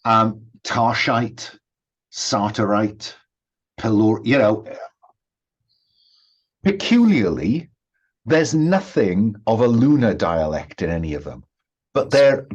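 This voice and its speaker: A man narrating a tabletop game as game master, with many pauses and restarts. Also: on the low side, big pitch swings, highs cut off. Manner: hesitant, many ums and restarts.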